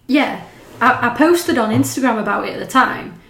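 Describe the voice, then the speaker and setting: A woman's voice: on the high side, moderate pace, gravelly, a bit bright, echoey room. Chatty woman in her thirties. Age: 30s. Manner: chatty, swears, laughs often. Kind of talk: casual chat.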